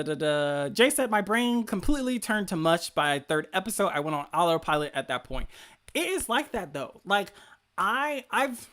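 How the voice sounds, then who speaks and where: A man hosts a casual livestream and reads his chat aloud. He cheers his viewers on in an upbeat, hype-man way. His talk is quick and loose, full of fillers and restarts. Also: high voice, a bit bright. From rural area. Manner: upbeat and hyping, fast with many fillers. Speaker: livestream host reading chat comments. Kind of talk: casual live-stream chat.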